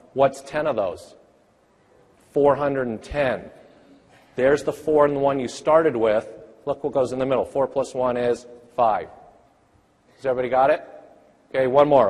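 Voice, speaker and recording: A man presenting a math teaching workshop, energetically firing quick questions at the audience. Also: medium pitch. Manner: energetic, rapid-fire quizzing of the audience. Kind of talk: interactive conference workshop talk. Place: large conference hall. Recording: long hall reverb.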